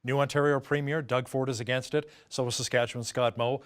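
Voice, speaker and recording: A man hosting a local newscast, asking guests brisk, conversational questions. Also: medium pitch, fairly even intonation. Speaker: news anchor. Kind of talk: news interview hosting.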